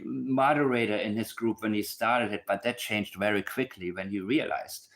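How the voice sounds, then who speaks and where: A man's voice: on the low side, a bit bright. A man hosting a livestream, talking in an emphatic, blunt way with asides to his viewers. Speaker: channel host analyzing a case. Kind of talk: casual livestream commentary.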